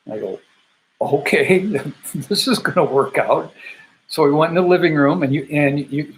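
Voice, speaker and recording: A man's voice: mid-range voice, slight background noise, low-quality recording. Older man from Michigan telling a war memory. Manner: animated, acts out the voices of people in his story. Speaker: military veteran storyteller. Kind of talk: personal storytelling to camera.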